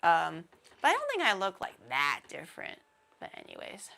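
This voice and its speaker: Chatty young woman streamer, bright voice. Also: fairly low pitch, wildly swooping pitch, moderate pace, creaky. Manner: chatty, laughs often, says her voice sounds naggy and a bit whiny. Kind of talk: casual livestream chat with chat readers.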